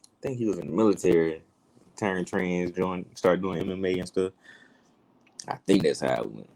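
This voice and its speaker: A young man with a very deep voice co-hosts a casual podcast. He is a little tipsy and speaks emphatically, with heated, profane opinions. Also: moderate pace, gravelly, a little mellow, poor audio. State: tipsy from drinking. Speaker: podcast co-host. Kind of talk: casual chat.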